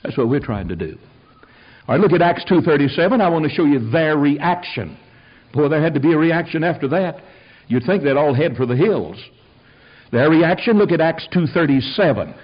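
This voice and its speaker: An older male preacher with a husky, slightly high voice delivers a fiery, folksy sermon. His pitch swings widely as he climbs to shouted peaks. The recording sounds dull and lo-fi. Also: lively intonation, normal speed. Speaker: pastor.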